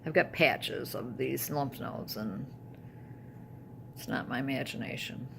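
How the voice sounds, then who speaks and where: An older woman chats into her camera at home in a loose, rambling vlog, circling back and restarting her sentences. Her voice carries a gravelly, creaky edge, with a faint hiss of background noise under it. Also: a bass voice, measured pace. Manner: rambling, conversational, with trailing restarts. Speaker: vlogger. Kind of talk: casual personal health vlog.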